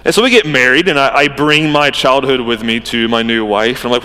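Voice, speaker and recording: A man's voice: medium pitch, brisk, pushed and bright, clear, resonant tone. A man in his thirties preaching a sermon as a pastor, in a casual conversational manner that acts out imagined dialogue. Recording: reverberant hall.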